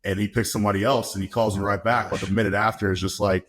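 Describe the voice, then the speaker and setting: A young man, a guest on a podcast, telling a story in a relaxed, chatty way, often laughing and acting out what people said. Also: fairly low pitch, quick pace. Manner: laid-back, laughs often, acts out quotes. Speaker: podcast guest, football player. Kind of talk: casual storytelling.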